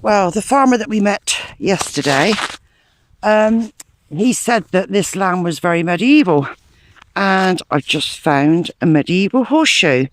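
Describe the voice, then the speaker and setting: A man's voice: high voice, fairly bright tone, slight background noise. A man with a chatty, enthusiastic manner, talking to himself and the viewers while metal detecting in a sloping farm field. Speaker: metal detecting channel host. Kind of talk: casual outdoor vlog chat.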